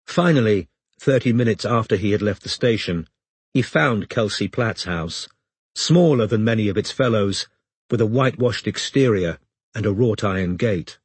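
A man narrating an audiobook in a measured storytelling manner, close to the mic. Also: lowish voice, lively intonation, slightly rough, no echo.

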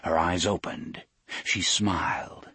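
A man narrating an audiobook in a measured, deliberate way. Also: low voice, fairly even intonation, pushed and bright, breathy edge, no room sound.

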